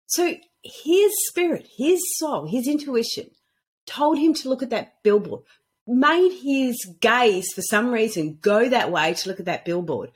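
A woman speaks as a guest on a casual podcast, telling stories with real animation. Her voice is a little husky, and her pitch swoops high and low as she acts out the quoted lines. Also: a little slow. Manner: animated storyteller acting out quoted dialogue. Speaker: guest author on intuition. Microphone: podcast microphone at a computer.

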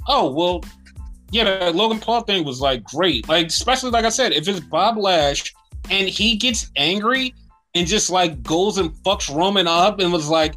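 Male podcast co-host, casual and animated, swears a lot, high voice, faint music behind. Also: moderate pace. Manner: animated, swearing, acts out wrestler rants. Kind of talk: casual wrestling chat.

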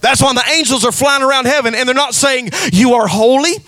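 Man, preacher, high voice, dry close sound, emphatic shouts, sung cadences. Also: steady tone, quick pace, no room sound. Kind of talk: sermon.

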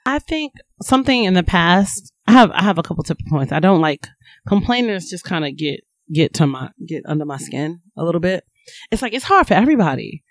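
A woman co-hosting a podcast, telling a story with animated delivery, laughing and acting out quotes. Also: fairly low pitch, fairly quick, dry recording. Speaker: podcast co-host. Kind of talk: casual storytelling chat.

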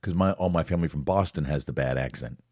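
A man's voice: a bass voice, quick pace, a little mellow, no room sound, studio quality. A man co-hosting a casual chat show, talking loosely with frequent swearing and repeated words. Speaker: podcast co-host.

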